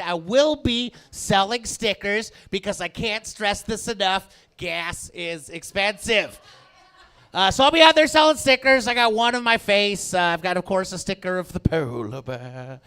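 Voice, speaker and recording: A male stand-up comedian on a club stage with a handheld mic, energetic and animated, swinging from loud bursts to quiet asides. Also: high voice, smooth.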